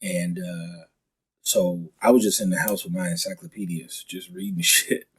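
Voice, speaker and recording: Speaking low with a slightly rough voice, a man appears as a guest comedian on a podcast, spinning animated stories full of quick restarts and acted-out quotes. The audio is poor.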